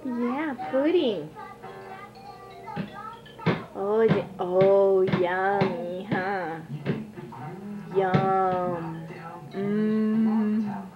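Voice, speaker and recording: A woman's voice: medium pitch, drawn-out words, long pauses. A mother filming her children, chatting in sing-song baby talk on a camcorder microphone. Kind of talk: home video chatter. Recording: dull lo-fi camcorder audio with music.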